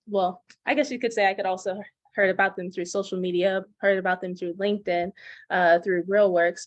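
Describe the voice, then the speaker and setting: A young woman, a program graduate, chatting on a video call, rushing ahead when excited. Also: medium pitch, no echo, lo-fi sound. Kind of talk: casual video-call conversation.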